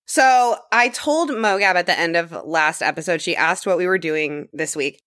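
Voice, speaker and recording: A woman's voice: on the low side, moderate pace, a bit bright, no room sound, clean studio sound. A woman hosting a podcast, chatting casually and laughing often. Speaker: podcast host. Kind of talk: casual chat.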